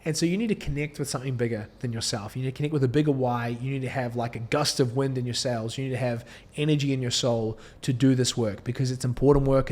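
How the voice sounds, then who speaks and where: A man with a New Zealand accent talks straight to the camera like a business coach. He sounds earnest and a bit like a preacher, and he often restarts his sentences as he pushes his listeners to dig deeper. His voice sits at a middling pitch. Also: darkish tone. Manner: earnest, preachy, with frequent restarts and light laughs. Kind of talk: direct-to-camera motivational talk. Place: indoor filming setup.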